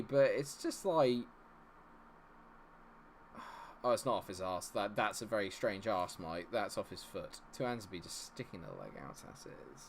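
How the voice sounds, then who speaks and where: A man's voice: on the low side, lively intonation, a little slow, a little hiss or hum. A young man streaming a football management game, chatting to viewers and swinging between cheering goals and fretting over results. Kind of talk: live stream commentary.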